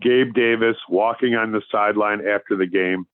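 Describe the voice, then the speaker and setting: A man's voice: lowish voice, steady tone, normal speed, no echo. A man calling in to a sports podcast, heard over a tinny phone line with a dry, close sound. He makes his points emphatically and likes to ask rhetorical questions. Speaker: podcast co-host. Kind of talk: casual sports chat.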